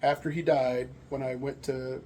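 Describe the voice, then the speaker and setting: A man's voice: medium pitch, flat delivery, moderate pace, dark tone, a little hiss or hum. A middle-aged American man telling stories and opinions in a rambling, candid casual monologue. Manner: rambling, candid storytelling with frequent fillers. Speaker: vlogger sharing opinions.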